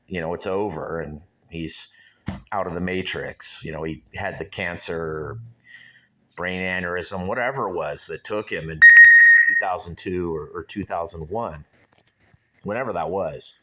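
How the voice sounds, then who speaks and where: A man in his sixties rambles and muses in a loose solo vlog, talking straight to his viewers. His voice sits fairly low but sounds bright and forceful. The delivery stays casual and unscripted throughout. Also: measured pace. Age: 60s. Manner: rambling, musing, talks to viewers directly. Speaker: show host.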